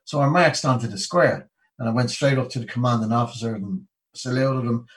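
An Irish man in his fifties, a guest telling a lively story in a casual way and acting out the people he quotes. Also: medium pitch, fairly quick, distant mic, low-quality recording. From Ireland. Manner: lively anecdote-telling, acts out the people he quotes, many "you know"s.

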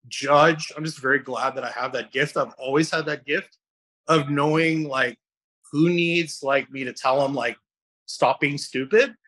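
Guest-hosting a laid-back podcast, this middle-aged man, a fitness coach by trade, spins animated stories in a fairly high voice. His delivery is bright and lively, full of false starts, wandering tangents, and impressions of others, but it never loses its forceful clarity.

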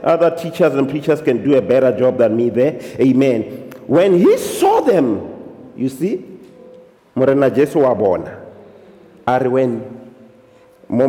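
In a church hall, a pastor with a mellow, medium-pitched voice preaches a sermon, moving between English and local languages and punctuating his points with amens. The hall sounds echoey.

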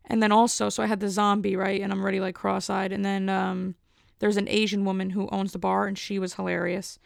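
A young woman hosts her own podcast solo, rambling through a story and leaning on "like" constantly, a bit out of breath. Her level-pitched voice is smooth with a gravelly edge and moves fairly quickly. The recording is close and dry.

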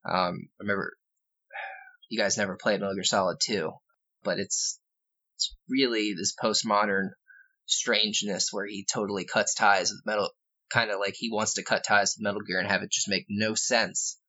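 A man co-hosts a casual video game podcast, chatting enthusiastically and rambling with fillers and asides. His voice is lowish and sharp, with fairly even intonation and a moderate pace, on a slightly dull lo-fi recording.

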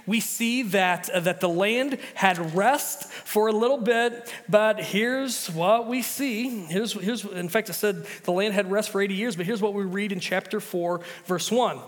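Chatty high-voiced pastor in a reverberant church. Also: male voice, measured pace, few pauses. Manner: casual, chatty preaching with many restarts. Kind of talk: sermon.

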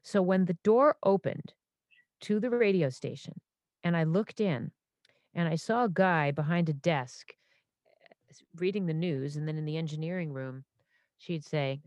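Woman in her 50s with a low voice, animated and self-interrupting, dry close sound. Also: moderate pace, pauses often, dry recording. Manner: animated, self-interrupting, full of restarts and asides. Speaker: stage performer and impressionist. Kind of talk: casual interview storytelling.

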